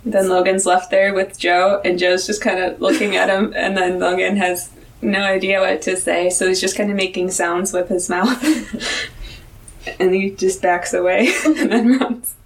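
A woman's voice: mid-range voice, fairly even intonation, measured pace. A woman co-hosting a casual podcast recap, chatty and laughing often as she acts out quoted lines. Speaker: podcast co-host. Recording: distant mic with faint noise.

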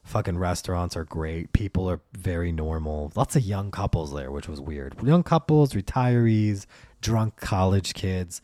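A man's voice: deep voice, animated, unhurried, warm tone. A young man hosting a podcast, telling a comedic story as a profane, exasperated rant and acting out the voices of the people in it. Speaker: podcast host. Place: at home.

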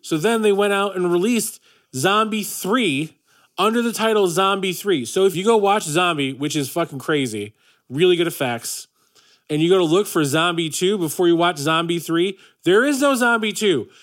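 Blunt, profane man with higher voice. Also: animated, moderate pace, fairly bright tone. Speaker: podcast co-host. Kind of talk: casual chat.

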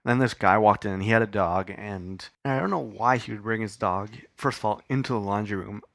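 A man telling a loose, rambling story on his podcast, dropping in casual swearing as he goes. His voice sits fairly low. He records on a podcast mic in a dry home studio. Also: brisk, gravelly, fairly bright tone, no room sound. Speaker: podcast host.

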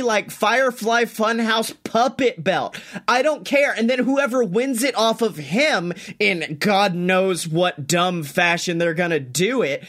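A man's voice: high voice, takes it slowly, hardly any pauses, a bit bright. A man co-hosting a casual wrestling podcast, laughing often and swearing freely. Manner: profane, laughing, mimics others in quotes. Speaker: podcast co-host.

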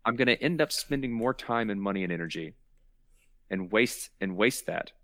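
Low-voiced man explaining with emphatic repetition. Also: lively intonation, normal speed, a bit bright, dry recording. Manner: explanatory, repeats words for emphasis. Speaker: podcast host. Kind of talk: casual chat.

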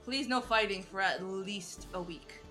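A woman's voice: medium pitch, a little slow, music in the background. A woman playing a tabletop game, chiming in with brief in-character remarks. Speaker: player. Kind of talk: casual tabletop play.

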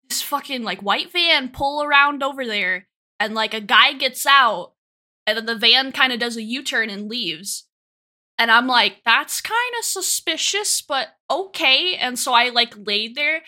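A young woman co-hosting a podcast, telling a childhood story in a relaxed, low-key way with frequent laughs. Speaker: podcast co-host. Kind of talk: casual chat, storytelling.

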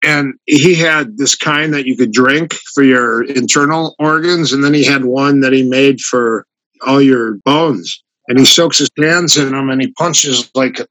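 A man guest on an interview, telling martial arts stories in a casual, animated way, pitching up when he quotes others. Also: no room sound, rough recording. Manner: animated, raises his voice when quoting others. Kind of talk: casual anecdotal storytelling.

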